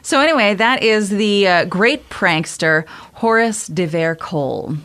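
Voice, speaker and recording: A woman co-hosting a podcast in casual chat, tossing in dry, quick wisecracks. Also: medium pitch, animated, fairly bright tone. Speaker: podcast co-host.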